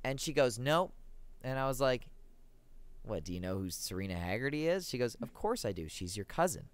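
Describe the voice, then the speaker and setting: A man's voice: mid-range voice, very animated, brisk, clear, resonant tone, dry recording. A young man, a podcast guest and musician, chatting casually and acting out quoted voices as he tells a story.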